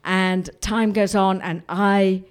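A woman's voice: medium pitch, flat delivery, slow pace, smooth. A woman telling a personal anecdote in a vivid, dramatic way, often repeating herself. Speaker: storyteller.

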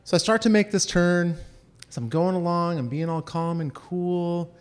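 Speaking smoothly at normal speed in a voice that sits high, a Southern California man recounts something from his own life. He's animated and performs the quoted voices of the people involved.

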